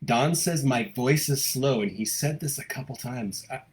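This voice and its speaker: An American man who hosts a local live show, talking fast and cheerfully as he reads out viewer comments. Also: mid-range voice. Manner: fast-talking, upbeat, gushing. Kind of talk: casual live-stream chat, reading viewer comments.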